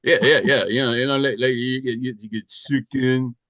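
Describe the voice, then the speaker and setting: A man doing an impression of a deep-voiced, mumbling tough guy working as a store greeter. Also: fairly even intonation, moderate pace, fairly bright tone, no room sound, natural voice.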